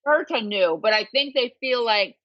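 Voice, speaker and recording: A woman co-hosting a casual TV recap who drops in quick jokes. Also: on the high side, animated, muffled recording. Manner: quick joking interjections. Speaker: podcast co-host.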